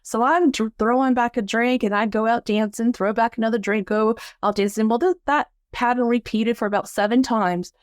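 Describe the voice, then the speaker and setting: Woman guest, lively storyteller who acts out quoted lines and laughs easily, slightly high voice, dry close sound. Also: normal speed, few pauses, no echo. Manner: animated, acts out quoted voices with big pitch jumps; laughs often while telling. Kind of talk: casual storytelling.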